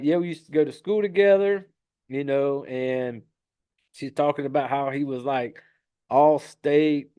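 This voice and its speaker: A man's voice: medium pitch, darkish tone. A man casually recapping a horror film plot, rambling and swearing freely, with frequent laughs. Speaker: podcast host recapping a film.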